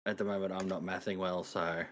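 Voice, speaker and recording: Low voice, tabletop player, hesitant, thinks out loud. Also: little pitch movement, brisk. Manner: hesitant, thinks aloud with fillers and repeats. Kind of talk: casual tabletop game chat.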